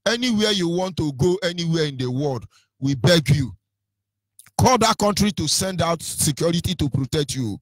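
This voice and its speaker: A man's voice: on the high side, animated, moderate pace, dry recording. A Nigerian-accented man presenting on radio in a combative, taunting rant, hurling insults with sing-song lilts.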